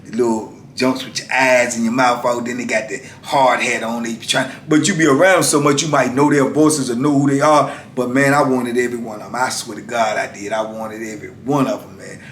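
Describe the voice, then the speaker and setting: Animated middle-aged man telling a story. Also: brisk, hardly any pauses. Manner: animated, acts out shouted exchanges, slangy and emphatic. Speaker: former prisoner telling his story. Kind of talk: casual storytelling. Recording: echoey room with faint rumble.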